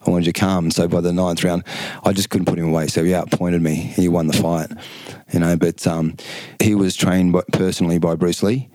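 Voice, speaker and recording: A middle-aged man, casually telling lively stories as a podcast guest and acting out the quotes. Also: deep voice, brisk, dry recording. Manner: animated storyteller, acts out quotes, laughs often. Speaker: guest, former kickboxing champion. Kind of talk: casual storytelling chat.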